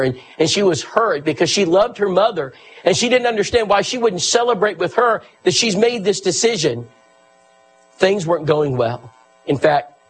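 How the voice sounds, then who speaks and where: Earnest husky preacher man. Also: a little high, poor audio. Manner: earnest, emphatic, quotes people in the story. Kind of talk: sermon storytelling.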